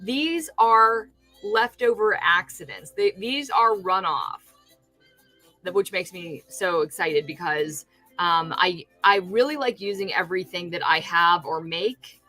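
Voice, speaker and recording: A woman's voice: fairly low pitch, slow, pushed and bright, soft background music. Chatty woman showing off her crafts. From California. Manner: chatty, rambling with restarts, delighted by her own work. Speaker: streamer and fake food artist. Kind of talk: casual chat on a livestream.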